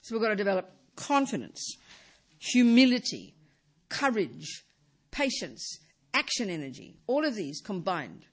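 A husky woman delivers a dharma talk with a lively, rising and falling voice. She presses her points with repeated words and restarts, then lets them settle low and soft. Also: normal speed. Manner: lively pitch, drops low and soft at phrase ends. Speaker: Buddhist teacher.

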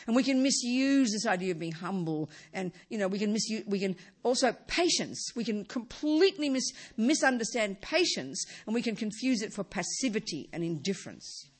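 Lively, husky-voiced woman giving a Buddhist talk. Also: moderate pace, few pauses. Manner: emphatic, repeats words, restarts sentences; lively pitch, drops low and soft at phrase ends. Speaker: Buddhist teacher. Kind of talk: dharma talk.

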